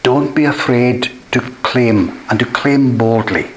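Earnest preacher in an echoey church. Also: male voice, mid-range voice, takes it slowly, a little hiss or hum. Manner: earnest, emphatic, repeats key phrases. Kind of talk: sermon. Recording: echoey room.

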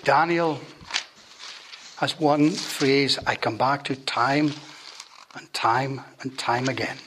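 A man preaching a sermon and leading a prayer, slow and deliberate, often dropping to a hush at the ends of phrases. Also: medium pitch, a little hiss or hum. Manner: slow, deliberate preaching that drops to hushed endings.

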